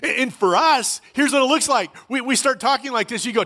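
High, bright preacher. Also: male voice, a little fast, few pauses. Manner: earnest, conversational, animated asides. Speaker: pastor. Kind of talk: sermon.

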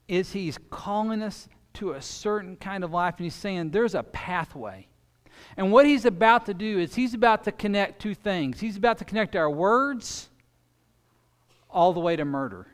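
Pastor, male, higher voice, animated sermon delivery, long hall reverb. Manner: animated preaching that swings between loud emphasis and quiet intensity.

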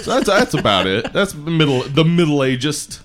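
Joking co-host, animated voice. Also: male voice, a little high, normal speed, faint music behind. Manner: dry, joking. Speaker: podcast co-host. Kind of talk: casual chat.

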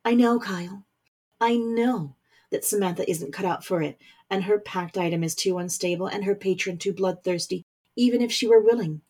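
A woman voicing a stern, powerful middle-aged mother who is a warlock general, speaking forcefully with scorn. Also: mid-range voice, moderate pace, slightly rough. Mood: weary earnest. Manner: forceful, scornful, rising to anger.

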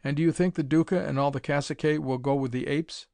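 A man's voice: on the high side, fairly even intonation, fast, vocal fry, a little mellow, no echo. A man reading an audiobook, voicing a dainty but tough young woman asking a question.

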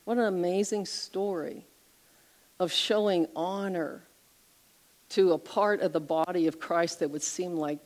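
A middle-aged woman with a slightly low voice narrates an inspirational story on a Christian talk show. Her pitch rises and falls freely as she builds each moment, and she lets her voice drop soft for the gentle parts. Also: unhurried, rough recording. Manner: expressive storyteller, lively pitch swings.

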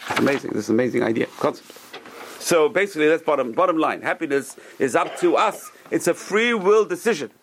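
A man giving a Torah class, animated and repeating phrases for emphasis. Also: mid-range voice, vocal fry, a little hiss or hum. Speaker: rabbi teaching a class.

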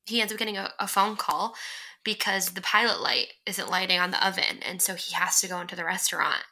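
Bright, gravelly young woman chatting. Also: lowish voice, steady tone, fairly quick, slight background noise, rough recording. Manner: chatty, lots of "like" fillers, acts out quoted lines. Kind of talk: casual movie-recap chat.

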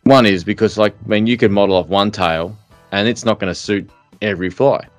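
A deep, low-pitched man in his middle years, talking fishing on a podcast. His speech rambles through fillers and restarts, but he is blunt and direct. The recording is dry and close, with faint music underneath. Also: brisk, no room sound. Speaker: podcast co-host. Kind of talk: casual chat.

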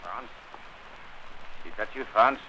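A man playing a wounded, aging German count with a German accent, speaking haltingly in 1940s radio acting style. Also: mid-range voice, bright, forceful tone, a little hiss or hum, poor audio. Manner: halting, breathy with weakness.

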